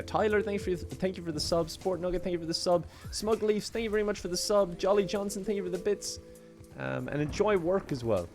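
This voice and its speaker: Male streamer, loose chatty delivery, laughs a lot, faint game music under his voice. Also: mid-range voice. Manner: chatty, laughs often, thanks viewers by name. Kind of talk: casual gaming livestream chat.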